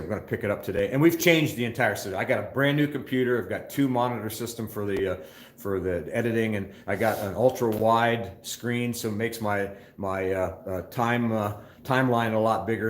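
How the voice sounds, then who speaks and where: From a motorcycle shop, an older man hosts a casual phone live stream for his motorcycle channel, his lowish voice reverberant. His chat is rambling and scattered, and he reads viewer comments aloud.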